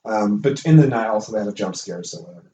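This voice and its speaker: A man co-hosting a casual horror film podcast, animated and acting out scenes as he retells them. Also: fairly low pitch, far from the mic, muffled recording. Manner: animated, acts out scenes in quick voices. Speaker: podcast co-host. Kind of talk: casual film review chat. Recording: echoey room, off-mic, faint hiss.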